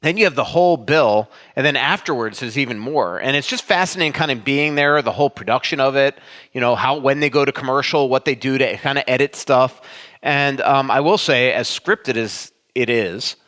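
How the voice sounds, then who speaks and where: A man from Florida tells a rambling, lively anecdote as a podcast co-host. His pitch sits mid-range for a man. The sound hangs in a long, reverberant hall. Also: normal speed. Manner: meandering, animated anecdote-telling. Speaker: sports writer and co-host. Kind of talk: casual podcast chat.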